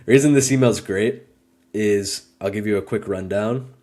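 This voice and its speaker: Man, lowish voice, relaxed, step-by-step explainer, casual walkthrough. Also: moderate pace. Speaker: guest demonstrating software. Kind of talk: casual screen-share walkthrough.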